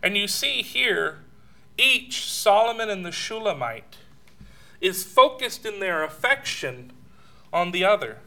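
A man preaching a sermon, telling personal stories with chuckles and at times sinking to a soft hush. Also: high voice, sing-song, a little slow, vocal fry.

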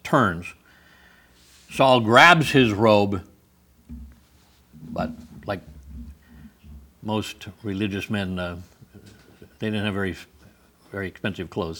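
A man's voice: mid-range voice, fairly bright tone. A man preaching a sermon who reads scripture aloud and comments on it with wry humor.

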